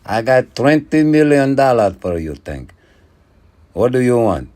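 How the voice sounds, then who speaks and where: Guy doing a rich pushy sheikh promoter, broken english, swings his pitch all over, keeps repeating stuff. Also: sing-song, unhurried, a little mellow. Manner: broken English, repetitive chanting. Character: rich male Gulf boxing promoter, blunt, pushy.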